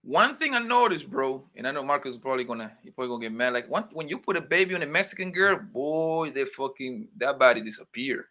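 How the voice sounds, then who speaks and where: A man's voice: mid-range voice, expressive, fast, few pauses, pushed and bright. A man chatting loosely on a livestream, rambling with plenty of profanity. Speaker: livestream participant. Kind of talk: casual livestream chat.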